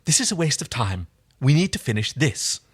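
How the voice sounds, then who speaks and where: A man's voice: medium pitch, big pitch swings, moderate pace, husky, voice pushed up. A man voicing a curt, no-nonsense female alien pilot as he reads a story aloud.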